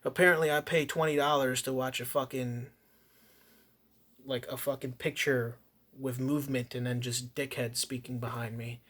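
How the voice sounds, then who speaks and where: A man's voice: medium pitch, fairly even intonation, moderate pace, a bit bright. A man casually reviewing a movie in a rambling, profane rant full of swearing and restarts. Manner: profane, ranting, heavy swearing.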